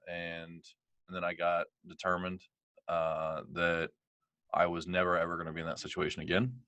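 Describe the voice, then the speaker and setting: A middle-aged man, a podcast guest, telling a personal story in casual talk, animated and full of "like" and acted-out dialogue. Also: low voice, normal speed, clean tone, dry recording. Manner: animated, heavy on "like" and quoted dialogue.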